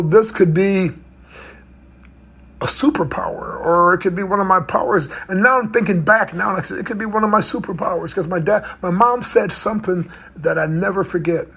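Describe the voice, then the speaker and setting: A man's voice: high-pitched, moderate pace, vocal fry, fairly bright tone, husky. A middle-aged man, a mental health coach, telling a personal story in a loose conversational way with frequent tag questions. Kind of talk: storytelling talk.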